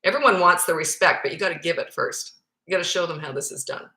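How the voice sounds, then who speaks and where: A woman's voice: on the low side, fast, pushed and bright. Blunt, chatty Canadian woman in an echoey room. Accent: Canadian with some Australian. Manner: chatty, blunt and self-deprecating. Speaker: parenting coach. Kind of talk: casual live Q&A. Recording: roomy echoey phone recording.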